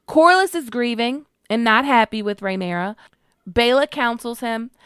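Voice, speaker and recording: A woman giving a casual, expressive recap of a TV episode, slangy and emotionally invested. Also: fairly high pitch, gravelly, smooth, no echo, studio quality. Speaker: TV show reviewer.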